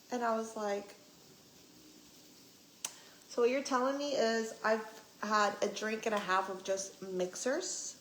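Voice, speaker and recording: A young woman vlogger telling a story to her live chat in a casual, animated way, swearing and acting out what people said. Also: fairly high pitch, echoey room, slight background noise, poor audio. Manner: animated, swearing, acts out quoted voices. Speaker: vlogger on a livestream.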